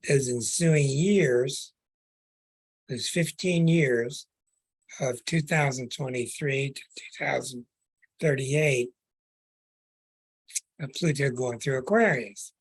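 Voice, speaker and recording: A man with a husky, slightly breathy voice delivers a slow, unhurried monologue as an astrology host. He preaches earnestly, drawing out key words and often doubling back to restart a phrase. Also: mid-range voice. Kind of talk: podcast monologue.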